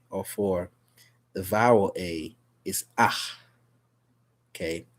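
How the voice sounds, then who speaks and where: A man teaching a casual live phonics lesson, patient and repetitive, often checking in with "okay?". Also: deep voice.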